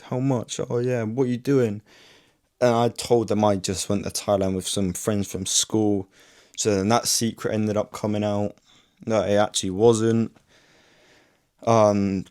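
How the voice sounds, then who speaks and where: A young vlogger tells a story into his camera mic, rambling and swearing casually and packing in "like" after "like." His voice sits on the low side with a darkish tone.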